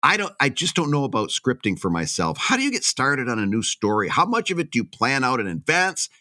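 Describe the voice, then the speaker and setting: A man's voice: medium pitch, sing-song, fairly quick, sharp tone. A man co-hosting a podcast, joking around and reading a listener question aloud in casual chat. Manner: laughs a lot, jokey. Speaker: podcast co-host.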